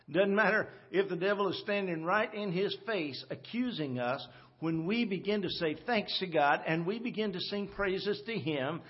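A man preaching a sermon from the pulpit in a folksy, joking way, often checking in with the congregation. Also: high voice. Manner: folksy, joking, talks to the congregation with frequent "okay?". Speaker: pastor. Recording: muffled church audio recording.

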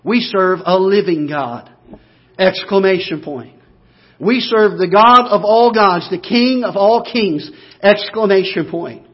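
A pastor preaching a sermon, moving from quiet, low talk up to loud, emphatic, repeated declarations. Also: male voice, slow, slightly rough, dull audio.

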